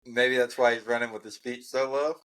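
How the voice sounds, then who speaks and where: A man co-hosting a podcast in relaxed casual chat, who laughs along and explains things to his partner. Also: medium pitch, fairly quick, rough recording. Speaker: podcast co-host.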